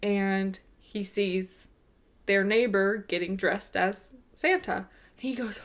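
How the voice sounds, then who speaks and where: A woman's voice: medium pitch, slow. A woman co-hosting a podcast, telling a funny story in casual chat and laughing often as she goes. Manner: animated, laughs often while telling stories. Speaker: podcast co-host.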